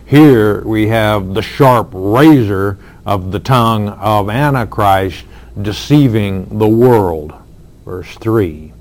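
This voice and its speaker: A man's voice: on the low side, darkish tone. A man preaching a sermon, explaining scripture in an earnest way with frequent fillers. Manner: earnest, slow, with fillers and emphatic lines. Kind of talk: expository sermon.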